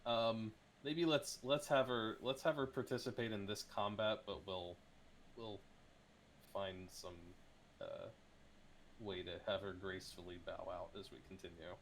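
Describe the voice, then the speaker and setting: A man's voice: fairly low pitch, measured pace, slight background noise, low-quality recording. A man serving as game master, thinking aloud as he makes rulings in a casual tabletop session.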